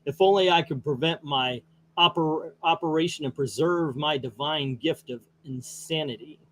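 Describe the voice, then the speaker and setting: Unhinged shrill clown villain guy doing it, comic read-aloud, pitched way up, loud. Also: moderate pace, slight background noise, natural voice. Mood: scheming. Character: manic grown male clown supervillain, theatrical.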